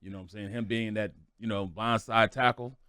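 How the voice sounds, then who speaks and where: A man raised in St. Louis, co-hosting a sports talk show in a loose, chatty way and quick to laugh. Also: fairly low pitch, steady tone, bright, forceful tone, clear, resonant tone, no echo, studio quality. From St. Louis, USA. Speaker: sports radio co-host.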